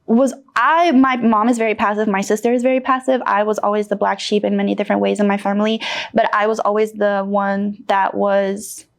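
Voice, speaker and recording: A woman's voice: medium pitch, fairly even intonation, fairly quick, vocal fry. A woman in her late twenties from North Carolina, a guest telling her story frankly and with animation, with many fillers. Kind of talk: candid personal interview.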